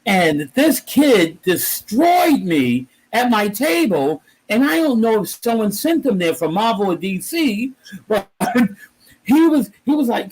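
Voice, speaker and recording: A man with a high, lively voice talks about comics in a relaxed interview. He tells his stories with energy, breaking into exclamations and acting out other people's lines. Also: slow pace, husky, rough recording. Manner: animated storyteller, exclaims and acts out quotes. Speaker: comic creator guest. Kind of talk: casual conversation.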